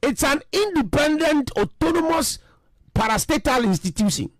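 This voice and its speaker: A man from Ghana with a Ghanaian accent speaking as a radio presenter. He gives firm advice and explains things deliberately. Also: very high-pitched, expressive, no echo. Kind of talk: radio talk.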